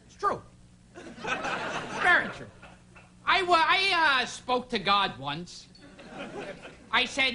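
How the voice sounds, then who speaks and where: A young man, a comedian guest, doing a stand-up monologue on a talk show in a shrill, shouting delivery. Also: huge pitch swings, slow pace, pauses often. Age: young adult. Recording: noisy broadcast tape with studio audience.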